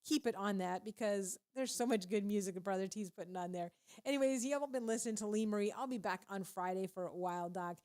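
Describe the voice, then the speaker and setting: Brisk and a little mellow, a woman's mid-range voice carries her faith-centered radio show. She talks at the studio microphone in a casual, preachy and highly animated way, laughing often.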